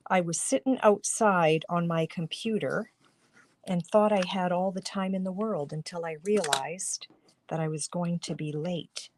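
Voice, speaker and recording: Slow, chatty woman crafting. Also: fairly low pitch, a little mellow, a little hiss or hum. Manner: chatty, talks viewers through each step. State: throat tickle, coughing now and then. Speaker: card-making demonstrator. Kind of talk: live-stream craft demonstration. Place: home craft studio.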